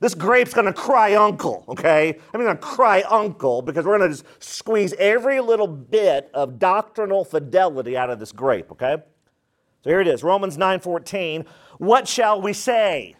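A man's voice: sits high, lively intonation, moderate pace. A man preaching an expository sermon as a pastor, speaking straight to his congregation and repeating phrases for emphasis. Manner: addresses the congregation directly.

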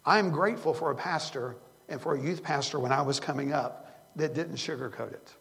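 Older man, pastor, earnest rambling sermon, gravelly, reverberant church. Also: fairly high pitch, fairly quick, a bit bright. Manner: earnest, rambling with repeated restarts. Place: church sanctuary.

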